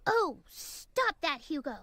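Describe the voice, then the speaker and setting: A woman voicing a gentle, polite young woman in a video game, speaking softly and earnestly. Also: extremely high pitch, sing-song, slow, a crowd in the background, exaggerated voice.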